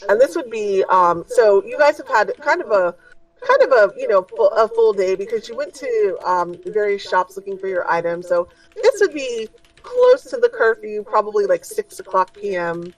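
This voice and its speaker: A woman's voice: medium pitch, very animated, normal speed, far from the mic, low-quality recording. A woman running a tabletop game as game master, narrating casually with lots of ums and likes. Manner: casual, with many fillers.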